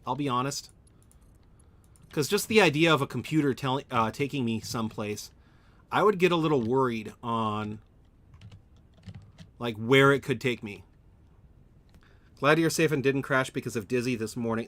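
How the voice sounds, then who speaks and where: A man's voice: medium pitch, pushed and bright, no room sound. A man thinking aloud while streaming a game at home, answering chat and often correcting himself. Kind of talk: live gameplay commentary, answering chat.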